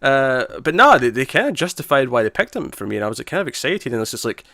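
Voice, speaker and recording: A man co-hosts a casual podcast, talking fast with lots of restarts and acting out lines from the show. His voice is bright and crisp, and the sound is dry with little room. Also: mid-range voice, no room sound. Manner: animated, quick restarts, acts out lines from scenes. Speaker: podcast co-host. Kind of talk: casual chat.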